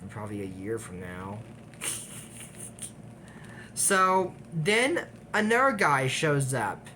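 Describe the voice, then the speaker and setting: A man recapping an animated series in a casual, digressive way, trailing off with fillers and little laughs. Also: mid-range voice, slow, background noise. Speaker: YouTube recap host. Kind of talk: casual rambling episode recap.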